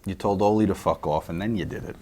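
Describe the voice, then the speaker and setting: A man's voice: deep voice, quick pace, dark tone. A man hosting an interview, asking short prompts and follow-up questions. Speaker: interviewer host.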